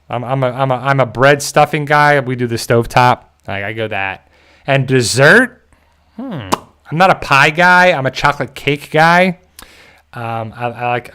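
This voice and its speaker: A man's voice: medium pitch, fairly bright tone. Chatty man hosting a casual livestream. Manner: rambling, joking, chuckles often. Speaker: channel host reading viewer chat.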